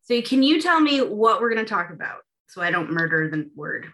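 A woman with a bright, forward voice hosting a podcast. She talks casually and chattily, with plenty of ums along the way. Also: mid-range voice, sing-song, brisk. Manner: chatty, filler-heavy, friendly. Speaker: podcast host.

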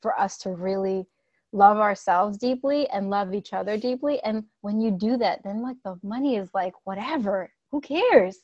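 A woman's voice: mid-range voice, normal speed, a little mellow, no echo, muffled recording. A woman money coach hosting an interview, gushing, tearful at times and swearing casually. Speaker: money coach and podcast host. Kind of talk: emotional conversational interview.

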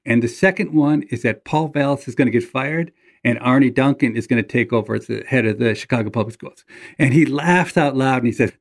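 A man hosts a conversation and tells stories with lively energy. His voice sits in a middle pitch, and he slips into the voices of the people he quotes. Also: a little fast, vocal fry. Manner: animated storyteller, acts out quoted voices. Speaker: podcast host. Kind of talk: storytelling interview.

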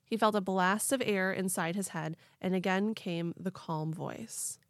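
A woman hosting a casual podcast tells a story in an easy, chatty way, swearing freely along the way. Her voice sits mid-pitch, recorded dry and close with no room echo. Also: a little slow. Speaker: podcast host.

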